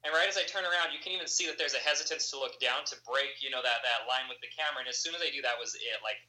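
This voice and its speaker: Man, interview guest, quick, bright voice, rambling, halting storytelling. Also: medium pitch, rough recording. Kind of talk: animated storytelling.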